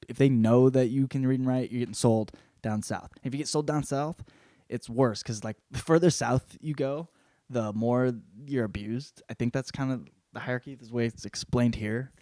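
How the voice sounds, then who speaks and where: A young man hosting a podcast, recapping a novel in a casual, heavily profane way, jumping into quick character voices. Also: mid-range voice, dry recording, studio quality. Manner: swears constantly, animated retelling with quick voice switches. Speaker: podcast host reviewing a book.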